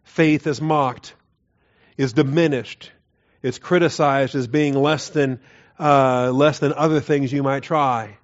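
A man teaching through Bible verses in an earnest, emphatic way, often dropping his voice low to stress a point. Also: fairly even intonation, slow. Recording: dull lo-fi recording.

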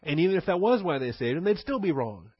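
A man's voice: on the high side, quick pace, breathy edge, no echo, dull audio. Conversational male Bible teacher. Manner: conversational, animated, sarcastic asides. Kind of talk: verse-by-verse sermon teaching.

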